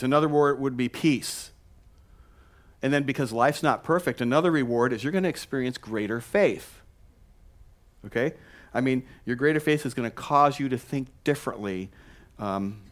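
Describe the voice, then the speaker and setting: Pastor, male, mid-pitched, chatty sermon delivery with restarts and rhetorical questions.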